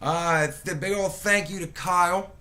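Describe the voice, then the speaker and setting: A man with a high, sharp, steady voice runs a casual live stream at a measured pace through a webcam setup with a mic. He rambles and swears, greets viewers by name, and mocks people with impressions.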